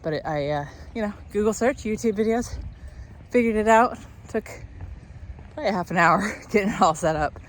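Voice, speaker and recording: On a hiking trail outdoors, a young vlogger chats casually as she walks, cheerful and meandering, a bit winded from the load she's carrying. She speaks at normal speed in a medium pitch, with slight background noise.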